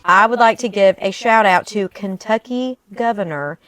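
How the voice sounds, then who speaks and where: A woman's voice: medium pitch, normal speed, over music. A woman co-hosting a casual political podcast and leading the segment in a chatty way. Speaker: podcast co-host.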